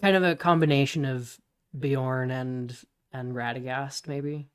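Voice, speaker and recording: A podcast co-host talking casually, rambling and restarting while pitching story ideas. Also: steady tone, unhurried, clean tone. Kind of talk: casual brainstorming chat.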